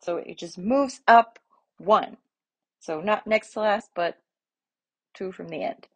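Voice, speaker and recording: Slow, husky woman teaching. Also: medium pitch, lo-fi sound. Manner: patient, explains step by step with examples and fillers. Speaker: Latin teacher. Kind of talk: relaxed spoken lesson.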